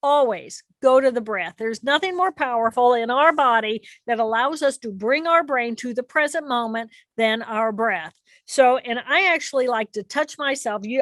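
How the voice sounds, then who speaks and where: A middle-aged woman with a high, bright voice teaches a mental method in an animated, earnest way, laying out each step letter by letter. Her voice sounds close and dry, with no room around it. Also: no echo. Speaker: author teaching a brain method. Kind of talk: explanatory talk on mindfulness steps.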